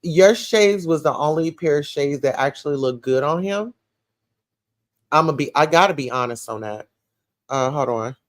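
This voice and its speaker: A woman's voice: low voice, normal speed. Sassy Southern woman dishing gossip. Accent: Southern US, Atlanta. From Atlanta, USA. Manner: sassy, animated, calls listeners child and baby. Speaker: commentary livestream host. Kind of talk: gossip commentary reading live comments.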